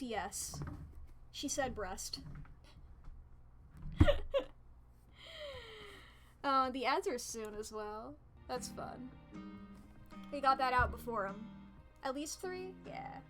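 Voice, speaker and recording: Woman streamer, animated casual chatter, slightly high voice, loud music in the background. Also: slow, long pauses. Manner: animated, jumps in pitch when excited. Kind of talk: casual chat while drawing.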